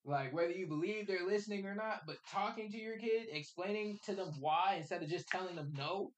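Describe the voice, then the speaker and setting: A man's voice: high-pitched, a little fast. A man hosting a podcast, telling a childhood story in loose slang and jumping into quoted voices. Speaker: podcast host. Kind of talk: casual storytelling chat. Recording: echoey room.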